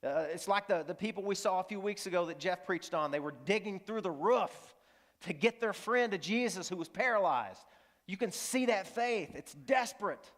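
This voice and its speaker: A man's voice: high-pitched, lively intonation, normal speed, fairly bright tone. A male pastor preaching a sermon in a school auditorium, earnest and emphatic, repeating lines and asking the audience questions. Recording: long hall reverb from the auditorium.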